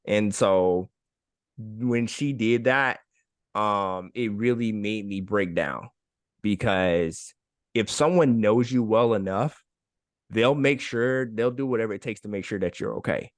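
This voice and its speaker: A man's voice: fairly low pitch, takes it slowly, no echo, clean studio sound. A man co-hosting a podcast, speaking in an encouraging way and repeating phrases for emphasis. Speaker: podcast co-host. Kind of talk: casual heartfelt chat.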